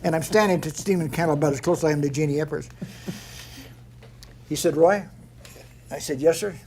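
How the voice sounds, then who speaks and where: An older man with a slightly raised pitch tells old on-set stories in a relaxed storytelling style. He acts out the other people in his stories and breaks into laughter. Faint background noise sits under his voice. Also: quick pace. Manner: animated yarn-spinner, mimics others in quotes, laughs often. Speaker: veteran stunt performer. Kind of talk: anecdotal storytelling.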